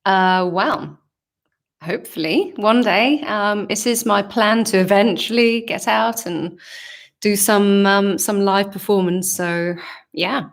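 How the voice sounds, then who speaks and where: Slow-talking Englishwoman reading fan comments. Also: medium pitch. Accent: Southern English. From England. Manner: reflective, hesitant, many ums, reads comments aloud. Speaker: singer answering fan questions. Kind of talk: casual livestream Q&A.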